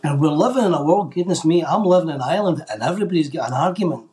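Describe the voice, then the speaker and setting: A man with a notably high voice speaks as a guest on a faith podcast. He tells his story with energy and acts out the people he quotes. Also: lively intonation, rapid-fire, darkish tone. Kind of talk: telling a faith testimony in conversation.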